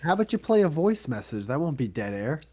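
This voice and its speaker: A man's voice: on the high side, very animated, fast, mellow, a little hiss or hum. A man co-hosting a casual podcast over a remote call, teasing his partner, swearing freely and laughing often. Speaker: podcast co-host.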